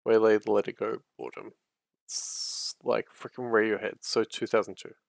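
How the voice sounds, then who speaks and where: A man's voice: lowish voice, flat delivery, normal speed, gravelly, no room sound. A man casually reading a narrative game aloud and musing about it as he goes, swearing freely. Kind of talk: casual playthrough commentary.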